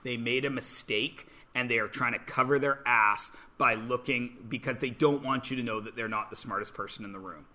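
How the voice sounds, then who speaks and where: Bright-voiced joking male math teacher. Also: medium pitch, steady tone, normal speed, few pauses. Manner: joking, self-deprecating, prodding students to guess. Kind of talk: classroom lecture. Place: classroom.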